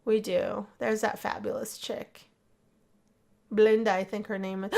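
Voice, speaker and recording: A woman giving chatty, excitable commentary as she plays a life-simulation game, gasping and gushing over what happens. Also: mid-range voice, normal speed, creaky. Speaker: gameplay narrator. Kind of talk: casual let's play commentary.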